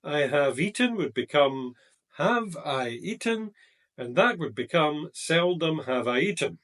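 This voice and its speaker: A male language teacher walks through grammar points in a slow, deliberate lesson voice, leaning on the key words. His voice sits a little high for a man. The mic is set back a bit, so he sounds slightly distant. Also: sing-song, fairly bright tone. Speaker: IELTS teacher. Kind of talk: explaining grammar to the camera.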